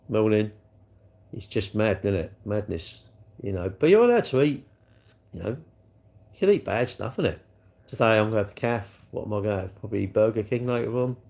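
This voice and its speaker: A man's voice: fairly low pitch, a little mellow. A man chatting casually on a live stream, answering his viewers in a rambling, sarcastic way with lots of tag questions.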